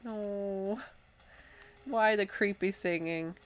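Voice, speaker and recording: A woman casually commenting on her own gameplay, chatty and self-deprecating, thinking out loud as she plays. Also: mid-range voice, drawn-out words. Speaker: let's play host.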